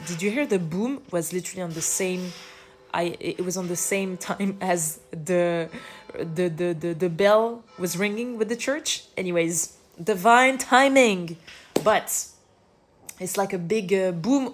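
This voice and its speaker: A lively woman with a French accent, talking through her thoughts in a relaxed podcast monologue. Her voice sits a bit low for a woman. She swears casually and slips into French expressions mid-sentence. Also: unhurried, soft background music. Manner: energetic, swears freely, drops French phrases. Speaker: podcast host.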